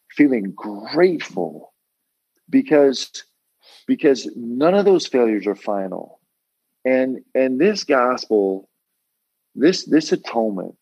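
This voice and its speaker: A middle-aged man gives an earnest faith testimony, stumbling over repeated words as his conviction builds. His voice is husky and a little breathy. The recording is dry and slightly dull. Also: a little high, a little mellow, no room sound. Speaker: podcast guest, basketball coach.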